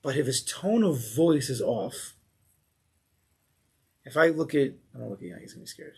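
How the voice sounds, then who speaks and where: A man giving an informal Torah class to a small group, animated and acting out angry people as he explains. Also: medium pitch, normal speed, vocal fry, husky.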